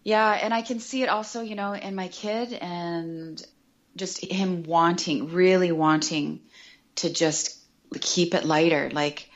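A middle-aged woman talking as a podcast guest, chatty and animated, often acting out quoted remarks. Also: lowish voice, measured pace, lo-fi sound. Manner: animated and chatty, quotes herself and others in lively voices. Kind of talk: casual podcast conversation.

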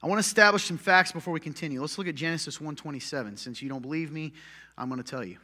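A man preaching a sermon as pastor, punchy and joking, swinging from loud calls to muttered asides. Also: fairly high pitch, very fast. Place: church hall with long reverb. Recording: echoey church hall.

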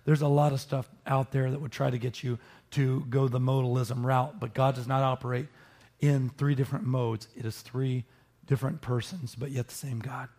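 A man preaching a sermon, teaching with animated emphasis and joking with his listeners. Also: medium pitch, normal speed. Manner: animated, rises sharply for emphasis, jokes with listeners. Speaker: pastor.

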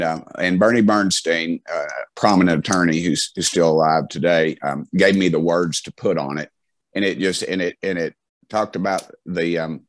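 A middle-aged Tennessee man with a Southern US accent speaks in a low voice, with no room sound. He's an interview guest telling folksy stories casually, full of restarts and fillers.

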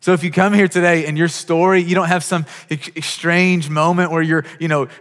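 Pastor preaching in a reverberant hall. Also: male voice, a little high, little pitch movement, moderate pace, a bit bright. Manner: storytelling with quoted dialogue, many restarts. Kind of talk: sermon.

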